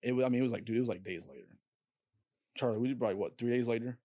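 A young man guest on a podcast, telling a story in casual chat, halting with lots of fillers and swearing. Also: mid-range voice, mellow, no echo, studio quality.

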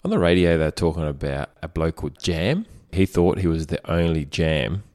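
A man's voice: very deep voice, moderate pace, a little mellow. A man co-hosting a podcast in casual chat, joking around and telling rambling stories. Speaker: podcast co-host.

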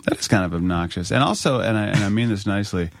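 A man's voice: on the low side, fast talker, creaky, no room sound, soft background music. A man hosting a casual conversation, easygoing and often laughing. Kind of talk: casual chat.

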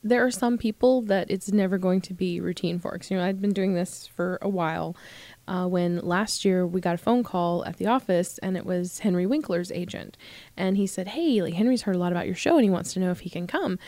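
A woman on a podcast, a convention staff member chatting casually and telling animated stories with frequent laughs. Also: fairly low pitch, fairly quick, no echo. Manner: animated storyteller, laughs often.

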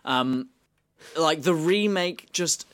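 A man's voice: on the high side, slow pace, a bit bright. Blunt, swearing man on a podcast. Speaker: podcast co-host. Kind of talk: casual chat.

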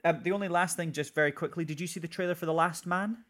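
A man's voice: on the high side, steady tone, fast talker, a bit bright. A man hosting a casual podcast chat about upcoming shows, rambling and hunting for words. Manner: rambling, searches for words with many fillers. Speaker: podcast host. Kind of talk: casual entertainment news chat.

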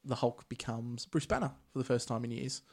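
A man casually recapping a film plot as podcast host, relaxed and chatty. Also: medium pitch, fairly quick, vocal fry. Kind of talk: casual movie recap chat.

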